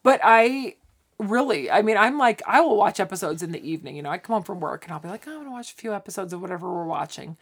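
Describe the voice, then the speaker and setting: A woman's voice: medium pitch, fast talker, slightly rough. A woman co-hosting a podcast, chatting casually and acting out characters' lines as she retells a sitcom plot. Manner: animated, acts out characters' lines while retelling. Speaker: podcast co-host. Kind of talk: casual chat recapping a sitcom.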